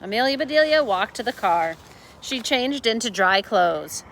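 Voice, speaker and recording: A woman teacher reading a picture book aloud in an expressive, unhurried storytelling manner. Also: fairly high pitch, a little hiss or hum.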